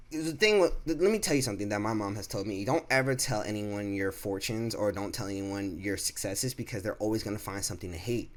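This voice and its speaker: A young man tells a story to camera. He talks casually, rambling and restarting, and slips into other people's voices to act them out. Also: lowish voice. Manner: rambling, animated, acts out coworkers' lines. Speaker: vlogger.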